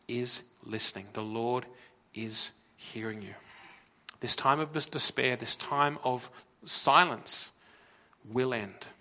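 Earnest Australian preacher with bright tone. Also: male voice. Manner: earnest, swings from loud emphasis to near-whispered lows. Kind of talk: sermon.

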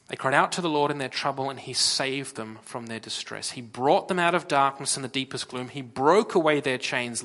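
An Australian man delivers a sermon with a bright, forward voice. He is earnest, rising to firm emphasis and then dropping to hushed lows, pausing and restarting as he speaks from notes. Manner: earnest, swings from loud emphasis to near-whispered lows. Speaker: preacher.

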